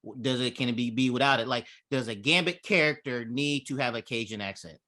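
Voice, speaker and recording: Man with a bright edgy voice, halting, lots of restarts, asking questions. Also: mid-range voice. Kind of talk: casual chat.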